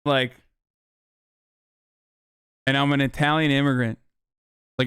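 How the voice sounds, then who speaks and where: A man's voice: mid-range voice, steady tone, normal speed, fairly bright tone, clear, resonant tone, no room sound, clean studio sound. A man hosting a livestream, chatting casually with viewers in a loose, rambling way and swearing freely. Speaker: livestream host.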